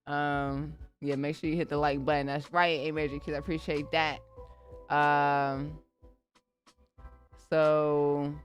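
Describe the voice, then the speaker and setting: A woman's voice: deep voice, slow pace, pauses often. A woman hosting a live music-production stream, chatting casually and talking straight to her viewers. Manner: animated and chatty, addressing viewers directly. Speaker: livestream host and beatmaker. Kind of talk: casual livestream chat.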